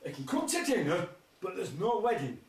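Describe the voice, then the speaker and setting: A man's voice: sits high, huge pitch swings, brisk, far from the mic. A man playing a blunt, scolding, stern father. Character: stern grumpy father, middle-aged man. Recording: roomy hall, mic from afar, faint noise.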